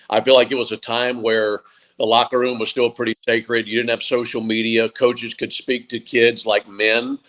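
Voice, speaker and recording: A man's voice: lowish voice, fairly bright tone, poor audio. A man in his forties, a sports broadcaster, giving thoughtful interview answers with frequent fillers and restarts. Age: 40s.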